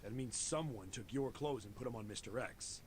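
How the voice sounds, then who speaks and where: A man's voice: mid-range voice, a little fast, darkish tone, a little hiss or hum, lightly acted. An actor voicing a blunt, practical man in a video game, laying out facts plainly. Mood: matter-of-fact. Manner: matter-of-fact, explaining.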